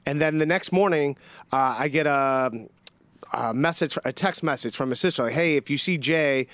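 Rambling man with a higher voice. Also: fairly bright tone, dry recording. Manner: rambling, halting, with many fillers and restarts. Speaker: guest telling a story. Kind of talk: casual storytelling on a comedy podcast.

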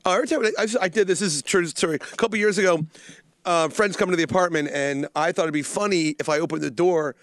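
High-voiced man telling loud stories. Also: fast talker, dry recording. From Baltimore. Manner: loud, animated storyteller. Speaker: show regular. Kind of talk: casual crude banter.

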